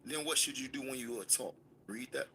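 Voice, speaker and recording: A man's voice: medium pitch, fairly quick, bright, forceful tone, a little hiss or hum. A man leading a scripture class, emphatic and commanding, calling on a student to read. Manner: emphatic, commanding, call-and-response. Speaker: Bible class teacher.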